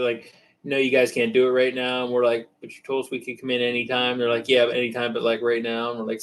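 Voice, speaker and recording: A man's voice: mid-range voice, smooth, low-quality recording. A man co-hosting a casual chat, retelling stories and acting out what other people said. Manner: animated, acts out other people's lines. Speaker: co-host.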